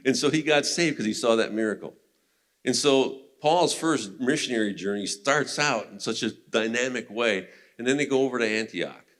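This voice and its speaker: A man's voice: medium pitch, moderate pace, a bit bright. A man teaching a men's Bible study in a casual, conversational way, retelling scripture stories and laughing now and then.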